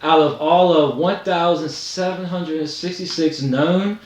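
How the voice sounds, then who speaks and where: A man's voice: fairly high pitch, steady tone, a little slow. Laid-back man in an echoey room. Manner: laid-back, swears casually. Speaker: podcast co-host. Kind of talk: casual chat.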